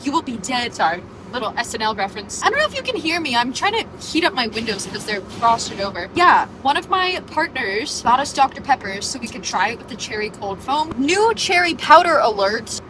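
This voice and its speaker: A young woman in her twenties chatting casually to her phone camera for a vlog, bubbly and full of quick asides. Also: fairly high pitch, very animated. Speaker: vlogger. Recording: phone vlog with clear background noise.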